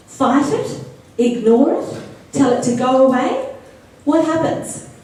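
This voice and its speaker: A woman's voice: high-pitched, mellow, slight background noise. An Australian woman giving a chatty, playful talk to a young audience and often asking them questions. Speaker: motivational speaker. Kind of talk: speech to a youth audience. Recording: echoey hall, voice from far off.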